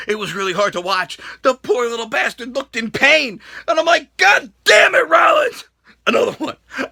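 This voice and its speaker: A man with an extremely high, gravelly voice rants through a wrestling recap, swinging from shouts to mutters. His tone is sharp and bright, and the sound is close and dry. He swears freely and jokes as he goes. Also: dry recording. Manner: loud, profane, jokey ranting with sudden shouts. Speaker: wrestling vlogger.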